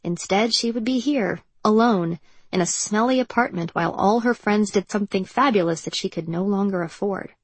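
A woman narrating an audiobook novel in an even, measured storytelling manner. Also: medium pitch, breathy edge, dry recording. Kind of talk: scripted narration.

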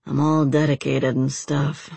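A woman voicing a relaxed young male college student who talks in a sleepy mumble. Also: deep voice, unhurried, gravelly, slightly rough, no room sound, heavily acted. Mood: content.

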